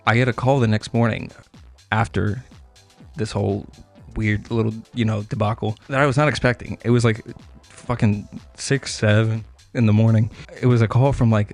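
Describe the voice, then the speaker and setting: A man's voice: medium pitch, darkish tone. A young man telling a long, profane story to his chat. He rambles and piles up filler words, and he laughs at his own story.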